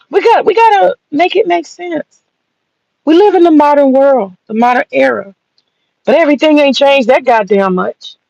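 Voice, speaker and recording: On a dull, dry lo-fi recording with no echo, a Southern American woman commentator mocks and swears her way through a sassy, blunt opinion rant. Her voice sits on the high side and is a little mellow.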